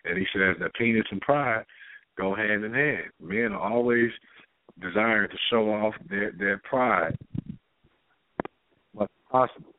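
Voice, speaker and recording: A man's voice: on the low side, unhurried, long pauses. A man, a guest playwright chatting casually on a talk show and acting out the people in his stories. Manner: animated storyteller, acting out quoted characters. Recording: tinny phone-line audio.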